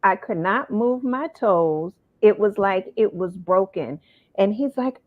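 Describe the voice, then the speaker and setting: A woman hosting an interview, telling a personal story in a lively way and acting out the voices of the people in it. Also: medium pitch, slow. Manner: animated, acts out quoted voices. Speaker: host. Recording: phone-like narrow sound.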